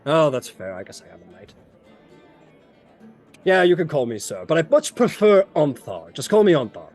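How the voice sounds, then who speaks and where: A man's voice: fairly high pitch, big pitch swings, moderate pace, soft background music. A man voicing a boisterous, burly male knight who loves drinking and brawling, hearty and boastful in speech. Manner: hearty and boastful, loud jovial taunts.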